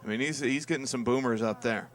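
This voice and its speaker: A man's voice: medium pitch, quick pace. Wry man doing color commentary. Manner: relaxed, wry asides. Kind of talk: live sports webcast commentary.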